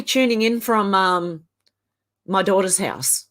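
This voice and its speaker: A woman's voice: on the low side, normal speed. An Australian woman in her fifties, hosting a casual live stream and chatting as she reads viewer comments aloud.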